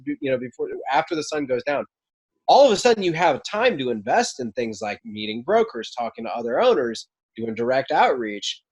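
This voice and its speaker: A man's voice: a little high, husky. Candid young man telling his story. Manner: candid, storytelling, frequent restarts. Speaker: podcast guest, mobile home park investor. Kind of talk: casual interview chat.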